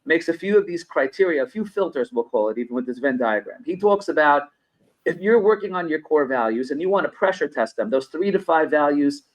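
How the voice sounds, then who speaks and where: A middle-aged man from New York, with a voice pitched a little higher than most men, speaking as a consultant guest on a podcast. He talks conversationally, makes his points through personal stories, and circles back on phrases to stress them. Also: lively intonation, brisk, rough recording. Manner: explains through personal anecdotes, repeats phrases for emphasis.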